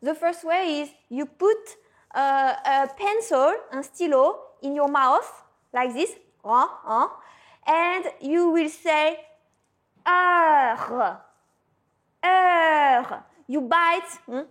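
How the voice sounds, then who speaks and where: Slow, patient woman teacher. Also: sits high. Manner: slow, patient, checks in with "hmm?". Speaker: French teacher. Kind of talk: pronunciation lesson.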